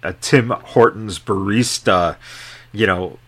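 A man's voice: fairly low pitch, takes it slowly, a bit bright. A man hosting a podcast interview, rambling through his questions with fillers and asides. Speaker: podcast host. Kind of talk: casual interview chat.

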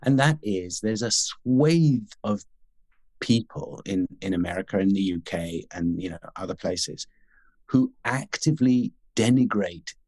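Low-voiced man, thoughtful guest. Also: lively intonation, darkish tone, no room sound. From Sudan and Britain. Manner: articulate, halting with many restarts. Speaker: guest actor. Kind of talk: reflective interview conversation.

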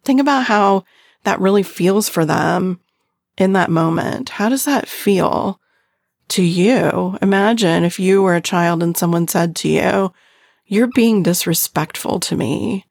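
A middle-aged woman talking gently and earnestly about parenting, often checking in with the listener by asking "right?". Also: lowish voice, measured pace, creaky, no echo, clean studio sound. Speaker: parenting podcast host. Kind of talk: reflective parenting talk.

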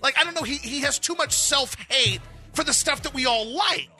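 A man co-hosting a sports talk radio show, chatting casually and rambling into excited outbursts. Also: normal speed, faint music behind. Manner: animated, rambling, jumps into high excited outbursts.

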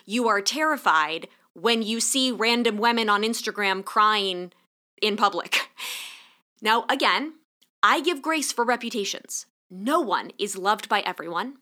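A woman's voice: on the high side, pushed and bright. A woman podcast host in her thirties telling a painful personal story in an earnest, pointed monologue.

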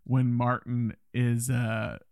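A man co-hosting a film podcast chats casually about a comedy, jumping into playful put-on voices to act out scenes. His voice sits at a middle pitch. The sound is dry and close. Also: slow pace, gravelly, clear, resonant tone, no echo. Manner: animated, acts out movie lines in playful voices. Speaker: podcast co-host.

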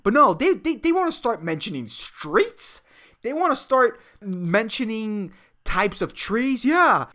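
Man, podcast host, solo rant, lively up-and-down pitch, profane, rambling. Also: measured pace. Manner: ranting, profane, rambling with many fillers.

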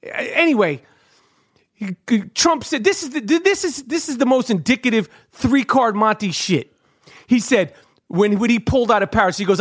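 A man's voice: extremely high pitch, lively intonation, normal speed. A middle-aged man, ranting heatedly and swearing often, stumbling over repeated words as he talks on a podcast. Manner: fired-up, profane, repeats words when searching. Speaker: podcast co-host. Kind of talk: heated casual rant.

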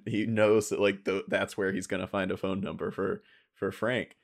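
A young man co-hosting a casual podcast chat about films, relaxed and quick to laugh. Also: low-pitched, creaky. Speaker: podcast co-host.

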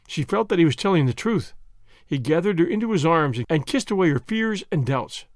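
Lively, expressive male storyteller. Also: on the high side, brisk, no room sound, studio quality. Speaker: audiobook narrator. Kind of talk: scripted narration.

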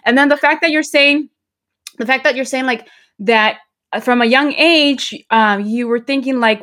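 Woman host, 30s, fairly high voice, excited, rambling, casual podcast chat, Spanish words mixed in. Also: normal speed.

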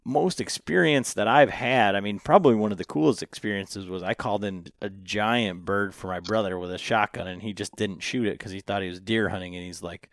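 A man's voice: on the low side, a little fast, hardly any pauses, dry recording, studio quality. A man co-hosting a podcast, asking rambling, hesitant questions and telling a casual story. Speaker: podcast co-host.

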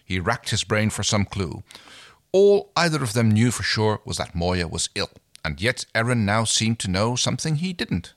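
A man's voice: lowish voice, sing-song, normal speed, a bit bright, dry recording, studio quality. A man co-hosting a podcast, narrating a novel and chatting agreeably. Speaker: podcast co-host reading aloud. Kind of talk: scripted narration and casual chat.

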